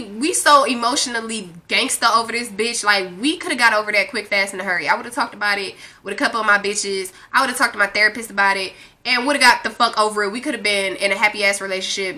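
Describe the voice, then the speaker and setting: A young woman tells a storytime rant with brash, profane energy and an animated delivery. Her voice sits fairly high, and her tone is bright and forceful. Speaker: vlogger.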